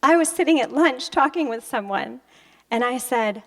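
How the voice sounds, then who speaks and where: A middle-aged woman giving a motivational talk on stage, telling personal stories in an animated way and acting out conversations. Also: sits high, normal speed. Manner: animated storyteller who acts out conversations and laughs often. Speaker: motivational speaker and author. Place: stage at an expo.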